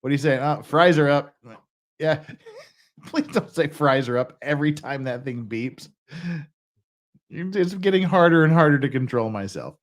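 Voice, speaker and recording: A man's voice: medium pitch, moderate pace, long pauses. A man from Utah commenting sarcastically on police footage, joking and laughing often. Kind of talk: live-stream commentary.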